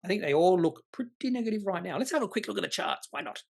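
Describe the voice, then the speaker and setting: Rambling man with a raised pitch. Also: lively intonation, fast, creaky. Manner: rambling, opinionated, self-correcting. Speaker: investing channel host. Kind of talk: casual answering of viewer comments.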